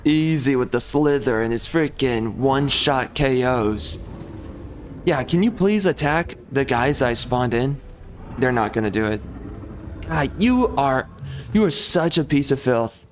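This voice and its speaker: Soft music plays behind a young man who streams a strategy game and complains with mounting frustration whenever it goes badly. He speaks a bit slowly at a medium pitch, with lively intonation.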